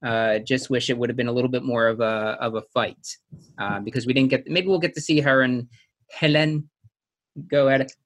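A man talking casually as a podcast co-host, his sentences wandering and restarting as he thinks aloud. He laughs often and slips into quick acted-out quotes. His voice sits at an ordinary middle pitch. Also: steady tone. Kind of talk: casual chat recapping a TV episode.

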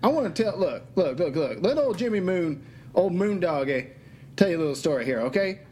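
A man's voice: high-pitched, sing-song, a little fast, darkish tone. A man playing a laid-back stoner who drawls and keeps saying "man" in an improvised comedy sketch. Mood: storytelling. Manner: drawling, says "man" constantly.

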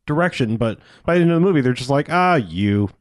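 A man's voice: on the high side, lively intonation, very fast, darkish tone, no room sound, studio quality. A man in a casual movie podcast, dryly running through a film's plot with wry asides. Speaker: podcast host. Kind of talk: casual movie-review chat.

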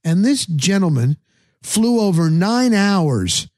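A man's voice: sits high, sing-song, slow, darkish tone, no room sound, studio quality. A middle-aged man hosting a sports talk show, telling a story casually and acting out his own thoughts in quotes. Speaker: sports radio and podcast host.

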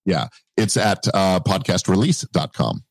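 Deep-voiced male guest, distorted audio. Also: no room sound. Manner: relaxed, measured, speaks with some hesitation. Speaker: guest, entertainment lawyer. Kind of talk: podcast interview answers.

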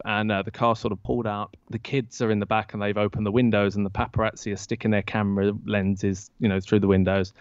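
Guy, lowish voice, telling a story on a podcast, does the voices of people he quotes, kinda muffled dry audio. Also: no room sound. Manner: lively storyteller who acts out quoted lines. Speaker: podcast guest, author. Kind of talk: telling an anecdote in an interview. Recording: dull lo-fi dry sound.

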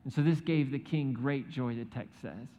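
Animated preacher man in an echoey hall. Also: mid-range voice, normal speed. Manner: animated storytelling with joking asides, acting out quotes. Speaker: pastor. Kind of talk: sermon. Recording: echoey hall, dull sound.

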